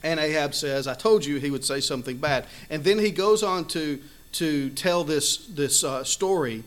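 A man preaches a sermon in an earnest, conversational manner, reading scripture aloud and explaining it with frequent fillers. His voice is on the high side, animated and fairly bright, at a normal speed.

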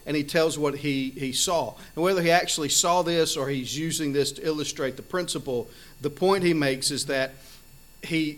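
A man preaching a sermon in an earnest, conversational way, reading scripture aloud and explaining it with frequent fillers. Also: a little high.

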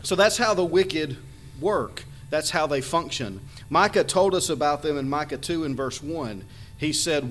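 A man preaching a sermon, earnest and emphatic, reading Bible verses aloud and slowing down on his key phrases. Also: a little high, a little hiss or hum. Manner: reads Bible verses in old-fashioned wording. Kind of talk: sermon on scripture.

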